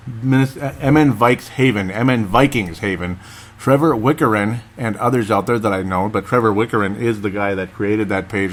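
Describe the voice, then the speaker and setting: A man's voice: fairly low pitch, a bit bright. A man hosting a casual solo podcast, rambling and chatty, laughing often and talking straight to his listeners. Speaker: podcast host.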